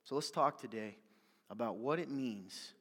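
Fired-up preacher in a reverberant hall. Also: male voice, mid-range voice, measured pace. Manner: fired-up preaching that drops to soft, confiding asides. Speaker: pastor. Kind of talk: sermon.

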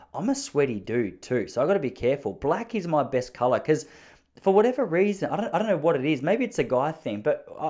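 A young Australian man with a slightly high, a little mellow voice hosts a solo podcast from a spare room at home. In this casual monologue, he tells rambling, self-mocking stories.

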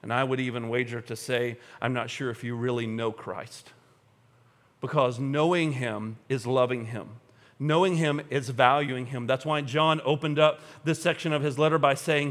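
A man preaching a sermon to a congregation in a church, animated and humorous, acting out everyday scenes. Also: a little high, normal speed. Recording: long hall reverb.

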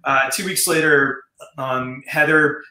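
Male screenwriter guest, casual rambling storyteller, slightly high voice, roomy sound. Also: steady tone, slow pace, pushed and bright. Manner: rambling, many fillers and restarts.

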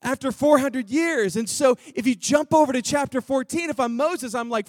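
A man preaching a sermon in a church, acting out Bible characters with lively swings from loud to hushed. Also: very high-pitched, moderate pace, hardly any pauses, no room sound, studio quality. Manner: animated, acts out Bible characters, drops to near whisper. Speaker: pastor. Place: church auditorium.

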